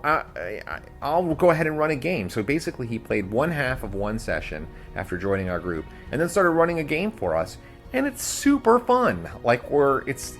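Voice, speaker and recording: A man co-hosting a tabletop gaming podcast in casual, rambling chat with lots of fillers and restarts. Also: deep voice. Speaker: podcast co-host.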